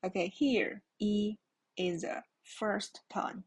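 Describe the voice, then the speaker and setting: A woman's voice: mid-range voice, slow pace, a little mellow, breathy edge, rough recording. A woman with a Chinese accent teaching a language lesson, patiently repeating words for learners. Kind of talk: slow classroom lesson.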